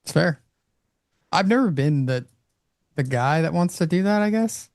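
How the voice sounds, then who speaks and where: A man's voice: a little high, expressive, moderate pace, darkish tone, no room sound, clean studio sound. A man in a casual live trading-show chat, blunt and laid-back.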